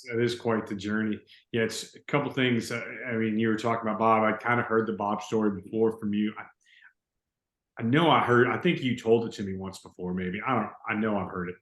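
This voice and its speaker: A man's voice: on the low side, fairly even intonation, brisk, a bit bright. A man hosting a podcast, reflective and informal in casual chat. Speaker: podcast host. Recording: echoey room.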